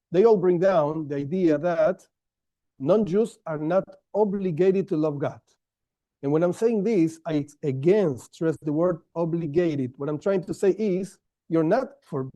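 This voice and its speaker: A man's voice: fairly high pitch, mellow. Man teaching a Torah class, stressing words. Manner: explanatory, stresses key words, frequent restarts.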